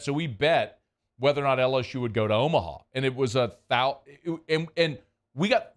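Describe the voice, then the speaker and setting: A man's voice: medium pitch, brisk. A man hosting a sports radio show, teasing his co-host and telling stories in a casual studio chat. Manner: animated, teasing, storytelling. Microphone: studio microphone.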